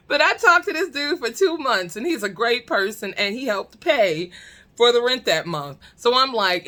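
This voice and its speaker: Storyteller woman with a bright, sharp voice, blunt and laughing, casual vlog. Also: fairly low pitch. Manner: animated, laughs often, blunt and profane. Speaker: storytime vlogger. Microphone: talking to her own camera.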